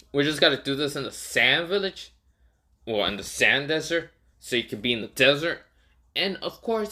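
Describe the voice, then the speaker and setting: A man's voice: medium pitch, sharp tone. A man in the middle of his range telling a homemade fan story off the cuff. He rambles, leans on fillers and catches his own slips as he goes. The delivery is casual and unpolished. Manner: rambling, many fillers, self-correcting.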